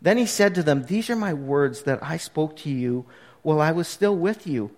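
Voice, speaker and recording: A man with a slightly raised pitch preaches a sermon. He retells scripture and reads verses aloud, moving between hushed asides and emphatic lines. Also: lively intonation, normal speed, in a large hall. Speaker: pastor.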